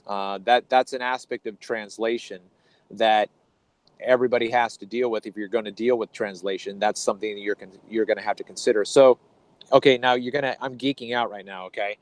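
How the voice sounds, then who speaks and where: A man's voice: medium pitch, clean tone, no room sound, poor audio. A man co-hosting a conversation, explaining Bible translation in a hesitant, teacherly way with frequent ums and restarts. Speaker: podcast co-host.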